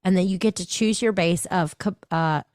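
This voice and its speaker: A woman with a fairly low voice hosts a casual podcast chat. She reads menu items aloud in a chatty way. The sound is dry, with no echo. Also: moderate pace, a little mellow. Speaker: podcast host.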